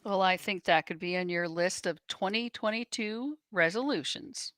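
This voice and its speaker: Woman, co-host, reads comments aloud, steady, smooth voice, dry close sound. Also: mid-range voice, normal speed, dry recording. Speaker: co-host reading out viewer comments. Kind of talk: reading questions aloud.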